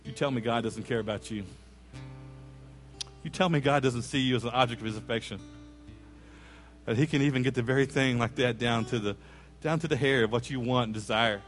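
A man preaching a sermon, telling a story with lively acted-out quotes and asides to the congregation. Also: mid-range voice. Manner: animated storyteller, acts out quoted voices, jokes with congregation. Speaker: pastor. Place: church sanctuary.

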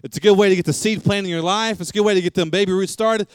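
A man's voice: high-pitched, steady tone, racing, clean tone, no echo, clean studio sound. A middle-aged man, a pastor, preaching a sermon and repeating lines for emphasis.

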